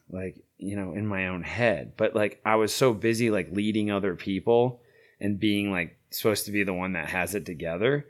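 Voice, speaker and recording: A middle-aged man telling stories in a casual interview, rambling with many fillers. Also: on the low side. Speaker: guest, founder of a veteran horse program.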